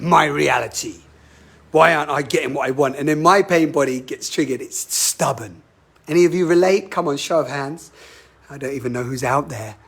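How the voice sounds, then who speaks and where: A man's voice: medium pitch, slightly rough. Earnest man leading a spiritual talk. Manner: earnest, self-reflective, asks the audience questions. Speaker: workshop facilitator. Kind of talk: live-streamed spiritual talk. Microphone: webcam or phone mic on a live stream.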